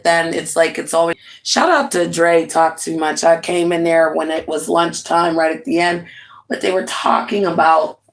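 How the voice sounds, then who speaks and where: Chatty woman livestreaming from home. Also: deep voice. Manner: chatty, animated, laughs often, talks to chat directly. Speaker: livestream host. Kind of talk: casual livestream chat.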